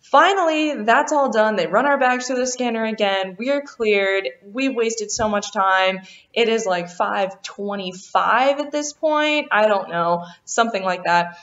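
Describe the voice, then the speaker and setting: A young woman vlogger telling a lively storytime about a travel mishap, acting out what people said. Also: mid-range voice. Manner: animated, quotes people in quick voices. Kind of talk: casual storytime. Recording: dull lo-fi sound.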